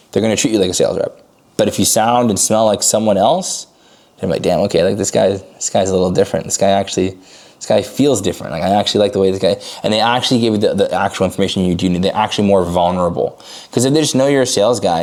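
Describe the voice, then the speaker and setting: A man coaching on a sales call, his voice low and gravelly. He talks fast and loose, with "like" in every sentence, and jumps into lively bursts when he acts out a cold call. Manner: fast casual talk full of "like" fillers; acts out calls with sudden bursts of high energy.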